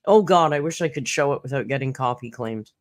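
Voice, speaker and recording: A woman's voice: extremely low pitch, brisk. A woman hosting a live reaction stream, giving sarcastic commentary with swearing and laughter. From Canada.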